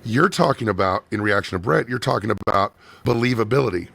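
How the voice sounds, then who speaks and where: A man's voice: on the low side, animated, fast talker, vocal fry, fairly bright tone, husky. A man hosting a casual interview, listening closely and chiming in with short agreements and questions. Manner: attentive, short agreeing responses. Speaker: podcast host.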